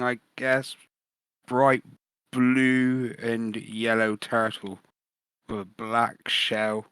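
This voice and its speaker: Hesitant, slow-spoken male player. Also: on the low side, a bit bright, smooth, no echo, poor audio. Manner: hesitant, searching for words. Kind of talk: describing his character in a tabletop game.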